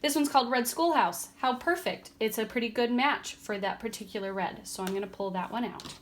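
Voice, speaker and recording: Chatty woman with a fairly high voice. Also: fairly quick, a little hiss or hum. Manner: chatty and relaxed, with frequent ums. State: tired and yawning. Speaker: craft vlogger. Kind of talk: casual tutorial talk. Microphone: camera on a tripod.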